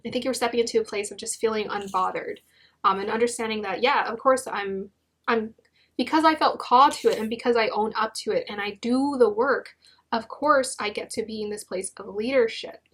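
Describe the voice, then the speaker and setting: A young woman giving a gentle, encouraging tarot reading, with many restarts and fillers. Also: on the high side, brisk. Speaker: tarot reader.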